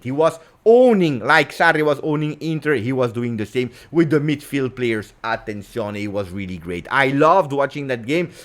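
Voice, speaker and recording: Animated Italian-accented man. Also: medium pitch. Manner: animated, emphatic, sudden swings in loudness; peppers English with Italian exclamations. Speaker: football channel host. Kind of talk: football recap vlog.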